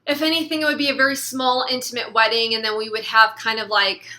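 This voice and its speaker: A woman's voice: on the high side, flat delivery, quick pace, pushed and bright. A young woman vlogging in a casual, rambling chat to camera, laughing often and filling with "like". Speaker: beauty vlogger.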